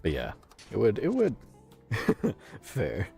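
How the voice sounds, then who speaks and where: A man's voice: fairly low pitch, huge pitch swings, slow pace, gravelly, mellow, faint music behind. A man from the United States streaming a video game, chatting casually, laughing often, swearing freely and answering his chat. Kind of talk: casual live gameplay commentary.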